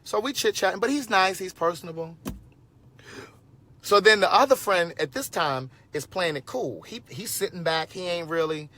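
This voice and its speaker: A man in his forties telling a story to his viewers in a casual livestream, animated and sassy, with frequent asides. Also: sits high, normal speed. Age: 40s.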